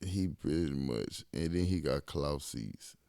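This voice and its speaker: A man with a very low, gravelly voice spins a funny story in casual chat. He laughs often and acts out the other people in his story. The sound is dry and close. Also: slow pace, no room sound. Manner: animated, laughs often, swears freely, quotes friends in raised voice. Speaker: podcast co-host.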